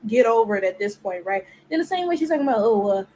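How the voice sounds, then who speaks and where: A woman's voice: a little high, lively intonation, very fast, a little mellow, slight background noise, low-quality recording. A woman giving a blunt, exasperated rant with mocking imitations. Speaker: commentator. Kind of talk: ranting video commentary.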